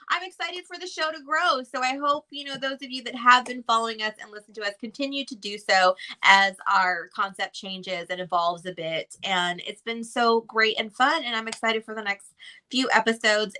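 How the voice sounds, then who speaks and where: A woman's voice: fairly high pitch, moderate pace, bright, forceful tone. A woman co-hosting a podcast in casual chat, chatty and easygoing. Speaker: podcast co-host.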